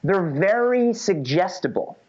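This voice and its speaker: A man teaching a casual lesson in an animated, conversational way, often checking in with "right?". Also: high-pitched, a little slow. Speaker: instructor. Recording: dull lo-fi recording.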